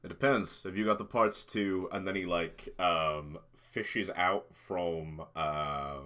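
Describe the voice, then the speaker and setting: A man playing a tabletop game, describing his character's actions in a halting way with many fillers. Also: low-pitched, fairly bright tone. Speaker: player. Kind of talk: casual tabletop game play.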